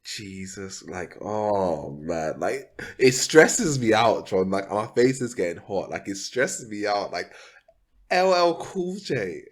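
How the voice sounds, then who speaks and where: A man's voice: fairly low pitch, animated, takes it slowly, few pauses. A man co-hosting a podcast, chatting casually with laughing disbelief. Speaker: podcast co-host. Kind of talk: casual chat.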